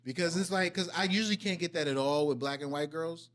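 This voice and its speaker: A man's voice: fairly high pitch, fast, fairly bright tone. A young man co-hosting a podcast, chatting casually with loose slang and frequent laughs. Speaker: podcast co-host. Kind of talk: casual chat.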